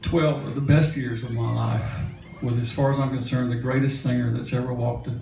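A man's voice: mid-range voice, little pitch movement, brisk, vocal fry, heavy background noise. An older man from Mississippi telling a folksy, chatty story on a concert stage, laughing now and then. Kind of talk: onstage storytelling. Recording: echoey concert hall from a distance.

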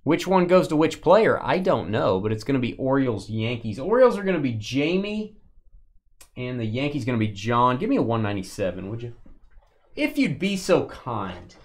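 A man hosting a live sports card break, joking with his co-host and calling out cards with bursts of excitement. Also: medium pitch, moderate pace.

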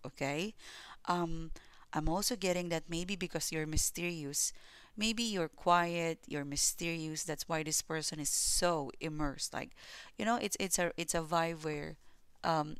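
A woman giving a rambling, excitable tarot reading to camera, full of fillers and restarts. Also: low voice, gravelly, dry recording. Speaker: tarot reader.

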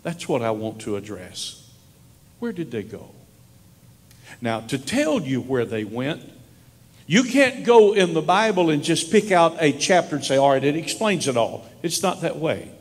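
A male pastor delivers a storytelling sermon in a slightly high voice. His pitch climbs and falls widely, from soft, low asides to raised lines. The sound carries the long reverb of a large hall. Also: sing-song, measured pace. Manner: storytelling preacher, swinging from hushed to raised. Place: church sanctuary.

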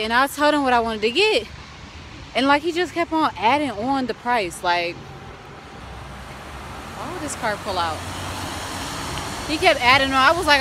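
A woman with a high, bright, pushed voice and lively intonation talks at a moderate pace over slight hiss or hum. Vlogging casually, she chats and tells stories to her viewers, calling them "y'all," while walking by a lake and later cooking at home.

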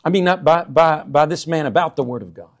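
Male pastor, higher-pitched voice, call-and-response sermon delivery with sudden loud emphasis. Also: fairly quick. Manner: swings between hushed asides and loud emphatic bursts; call-and-response, repeats 'amen?' to the congregation.

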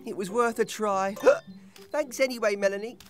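An actor voicing a friendly, good-natured young male bear in a gentle animated children's series, earnest and worried. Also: medium pitch, normal speed, over loud music, natural voice.

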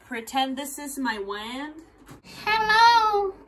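A woman chatting in a casual vlog, animated and swearing freely as she reacts to a book. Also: mid-range voice, slow pace, noisy background. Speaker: book vlogger.

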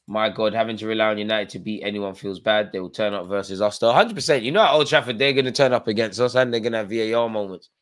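A man's voice: on the low side, fast talker, few pauses, a bit bright. A tired man hosting a live football watchalong, chatting through play-by-play with fan reactions. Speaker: watchalong host.

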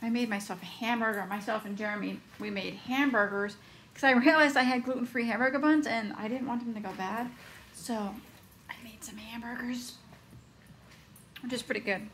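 A woman in her thirties vlogging outside on a windy day, her voice sitting a little high. Her talk is chatty and scattered, jumping from one thing to the next as she films on a handheld camera. A faint hiss of noise runs underneath. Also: fairly bright tone. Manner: chatty, scattered, flits between topics. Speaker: vlogger, homeschooling mom. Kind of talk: casual vlog.

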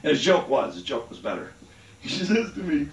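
A man's voice: on the high side, big pitch swings, normal speed. A man doing a rambling, crude stand-up set on a comedy club stage. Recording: roomy club sound, mic at a distance.

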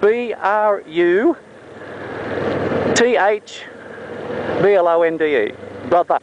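High-voiced Australian man in a noisy car. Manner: chatty, self-mocking, drawn-out demonstration words. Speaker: vlogger teaching Australian pronunciation. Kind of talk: casual jokey tutorial. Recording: muffled with loud traffic noise.

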